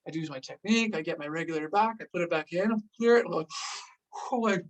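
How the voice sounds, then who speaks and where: Animated storyteller, a bit off-mic. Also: medium pitch, fast talker, recorded from a distance, poor audio. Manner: casual, lots of "like", acts out gasps and exclamations. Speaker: host recounting a diving story.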